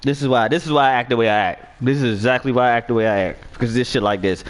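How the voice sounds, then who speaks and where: A man's voice: mid-range voice, fairly even intonation, rapid-fire, hardly any pauses. Young man trash-talking over a game. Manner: profane, heated and argumentative. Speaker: gamer. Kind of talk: trash-talking gameplay commentary.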